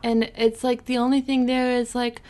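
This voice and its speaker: A woman's voice: fairly high pitch, level tone, moderate pace, darkish tone. A woman from Michigan, a musician guest, chatting casually with a giggly, teasing manner and lots of filler words. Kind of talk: casual chat.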